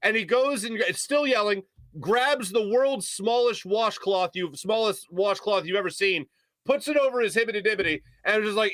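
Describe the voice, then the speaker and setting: A male sports radio host, telling a story on air in an animated way. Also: high-pitched, fairly quick, dry recording. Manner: animated storyteller, mimics shouting voices. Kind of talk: storytelling on a sports talk show. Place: radio studio.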